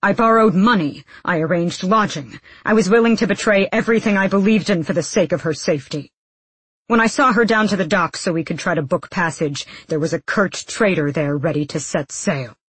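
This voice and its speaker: A woman reading an audiobook, voicing a stern, grave young male soldier who speaks low and quietly. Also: expressive, a little slow, breathy edge, no room sound, heavily acted. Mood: heated.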